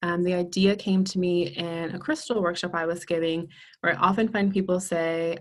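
A woman's voice: on the low side, level tone, moderate pace. Earnest woman guest with frequent ums. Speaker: podcast guest. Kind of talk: casual interview conversation.

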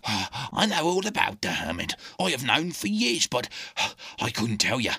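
A man voicing a loyal male dog in a storybook reading, husky, urgent and pleading. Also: mid-range voice, huge pitch swings, unhurried, sharp tone, full character voice.

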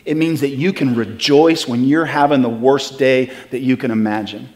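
A male pastor preaching a sermon, animated and swinging between hushed and shouted, calling on the room to say lines back with him. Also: medium pitch, moderate pace, few pauses, long reverb tail. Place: church sanctuary.

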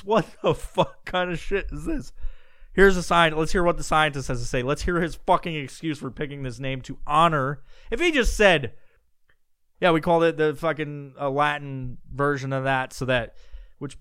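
A podcast host doing a comedic rant, profane, loud and mocking as he reads news aloud. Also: a little high, smooth, dry recording.

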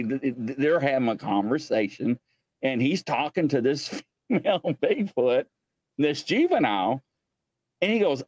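Animated man host telling a story. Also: mid-range voice, measured pace, no echo. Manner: animated storyteller, laughs mid-sentence, acts out quotes. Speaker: paranormal show host. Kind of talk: casual storytelling chat.

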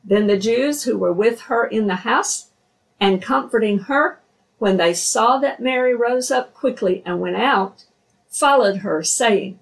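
Slow, measured woman reading scripture. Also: on the high side, gravelly, far from the mic, poor audio. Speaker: scripture reader.

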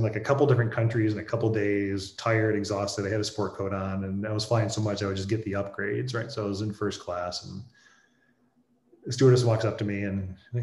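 A man speaking thoughtfully and haltingly, sharing a personal story in conversation. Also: lowish voice. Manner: thoughtful, halting, with restarts and pauses. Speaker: guest sharing a personal experience. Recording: roomy echo.

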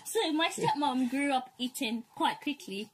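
A young woman co-hosting a casual chat, telling animated stories and slipping into impressions of her parents. Her voice sits a little high and sounds husky. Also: unhurried. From African family, raised in Britain. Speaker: co-host.

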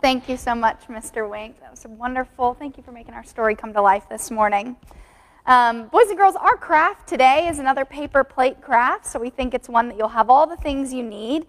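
Woman teacher for a kids' church lesson, friendly, slightly high. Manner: friendly, clear, slow when reading aloud. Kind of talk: teaching children, craft and memory verse.

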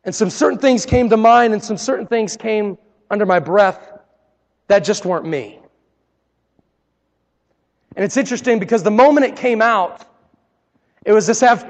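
A man preaching a sermon, telling personal stories in an earnest way and dropping to a hush at key moments. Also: high voice, big-room sound. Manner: earnest, personal storytelling with dramatic quiet drops. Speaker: pastor.

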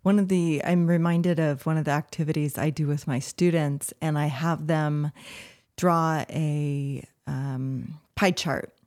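A woman hosts the interview in a very low voice. She talks slowly, measured and reflective, and shares classroom examples. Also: fairly even intonation, a little mellow. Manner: measured, reflective, reads a quote aloud. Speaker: host. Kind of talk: interview hosting.

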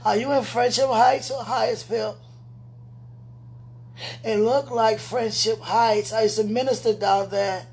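A former minister in an emotional live chat, overwhelmed and distressed, murmuring prayers to calm down. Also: medium pitch, unhurried, gravelly, pauses often. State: distressed, tense. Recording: noisy recording with clicks.

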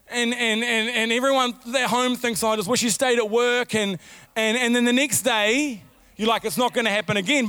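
A man preaching a sermon as pastor, animated, with sudden shouted outbursts and repeated phrases. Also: high-pitched, smooth, dry recording.

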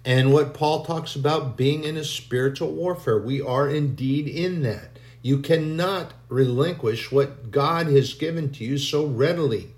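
A man's voice: medium pitch, a little slow, hardly any pauses. Man preaching in an echoey room. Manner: conversational, acts out quoted voices, repeats phrases. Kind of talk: informal sermon.

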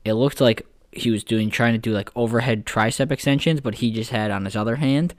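A man's voice: mid-range voice, fairly even intonation, brisk, no room sound, clean studio sound. A man co-hosting a podcast, joking around in casual banter and swearing freely. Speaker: podcast co-host. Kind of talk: casual chat.

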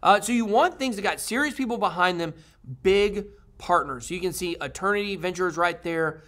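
A man's voice: high voice, moderate pace, a bit bright. A man hosting a crypto video, talking casually to viewers in a rambling, upbeat way with many fillers and restarts.

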